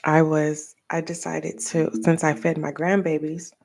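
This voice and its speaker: An older woman, a tarot reader, chatting casually and rambling, with soft asides. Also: deep voice, flat delivery, measured pace, gravelly. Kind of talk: casual tarot reading talk.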